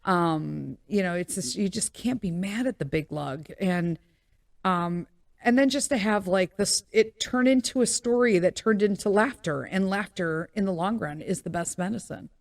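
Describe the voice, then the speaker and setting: Animated woman telling a home story. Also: medium pitch, normal speed, gravelly, no room sound, clean studio sound. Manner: animated, acts out quoted voices, many fillers. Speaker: podcast host. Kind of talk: casual storytelling monologue.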